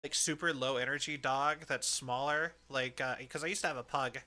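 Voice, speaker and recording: A man's voice: mid-range voice, fairly even intonation, normal speed, pushed and bright. A man in casual livestream chat, telling easygoing stories full of fillers. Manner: easygoing storyteller, many fillers. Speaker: streamer.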